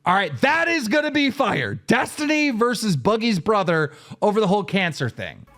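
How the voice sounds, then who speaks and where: Over soft background music, a man with a high voice tells a story on a podcast at a moderate pace. He's excitable and swears a lot, acting out what other people said in his animated, profane storytelling.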